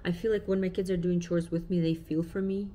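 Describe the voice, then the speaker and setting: A woman's voice: fairly low pitch, fairly even intonation, fairly quick, warm tone. A woman in her thirties, a parent vlogger talking casually and reflectively to camera with many fillers.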